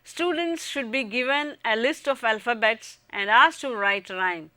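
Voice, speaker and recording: A woman with an Indian English accent reading a scripted lecture on teaching, in an even, formal way. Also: fairly high pitch, a little slow, no echo. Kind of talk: scripted educational narration.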